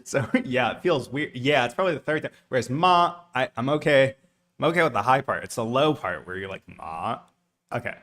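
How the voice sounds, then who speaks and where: A man's voice: medium pitch, a bit bright. A man casually thinking aloud while studying, rambling with lots of fillers. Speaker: streamer studying a language.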